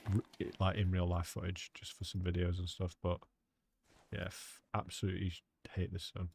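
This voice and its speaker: A man's voice: sits low, flat delivery, moderate pace, creaky, darkish tone, slightly rough. A man giving chatty, rambling live commentary as he plays a hunting game and talks to his chat. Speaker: game streamer.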